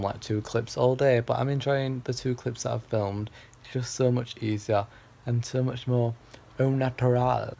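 Sarcastic young man with a gravelly edge. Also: mid-range voice, darkish tone. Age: young adult. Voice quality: slight lisp from a retainer. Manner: sarcastic, rambling, self-mocking. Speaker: vlogger. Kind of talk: casual vlog to a phone camera. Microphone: phone held at arm's length.

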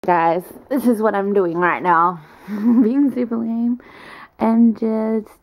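A woman's voice: fairly high pitch, fairly even intonation, slow pace, dull audio. A young woman chatting casually in a vlog, giggling often and talking in baby talk to her dog. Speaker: vlogger. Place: walking outdoors on a street, later in bed at home.

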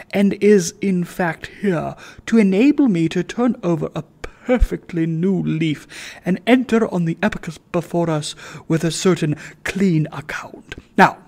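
Man doing a haughty wealthy old gentleman, storybook reading, raised pitch, drawn-out lofty delivery. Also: creaky, full character voice. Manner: slow, lofty, emphatic. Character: pompous wealthy old gentleman, self-righteous. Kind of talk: audiobook reading.

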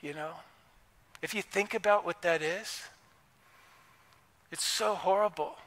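A man preaches with a high, bright, ringing voice, talking to the congregation in an impassioned, conversational way. His words trail into a long reverb from the church hall around him. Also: measured pace. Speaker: pastor. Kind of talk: sermon. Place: church sanctuary.

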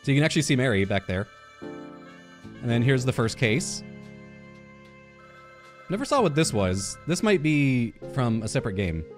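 A man giving playful, excitable commentary over a video game playthrough, joking with his viewers. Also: mid-range voice, normal speed, long pauses, faint music behind. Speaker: gaming YouTuber. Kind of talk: let's play commentary.

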